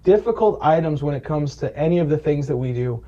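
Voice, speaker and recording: In a conversational interview, a Medicare advisor tells client stories in a fairly quick, animated voice that sits on the high side with a dark tone. He acts out quoted voices and keeps dropping "right?" into his talk. The audio is dull.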